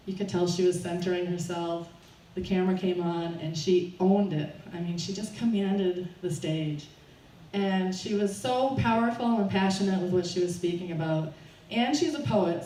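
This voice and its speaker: Nervous woman telling her story, distant and roomy. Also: medium pitch. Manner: nervous, laughing, animated storytelling. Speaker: speaker at a fundraiser. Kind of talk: personal story told to a live audience. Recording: roomy, distant, faint background noise.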